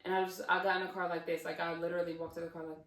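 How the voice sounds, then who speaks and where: A woman talks casually on her vlog, telling a story in a loose, rambling way full of fillers and restarts. Her voice sits a little low. She is recorded from some distance in a roomy, echoey space. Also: flat delivery, very fast, a bit bright. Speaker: vlogger.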